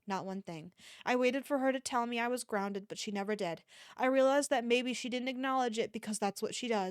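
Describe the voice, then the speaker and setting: A woman streamer reading a novel aloud in a low, quiet voice, with occasional stumbles and restarts, into a close microphone at home. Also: clear, resonant tone, no room sound. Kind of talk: casual read-aloud of a novel.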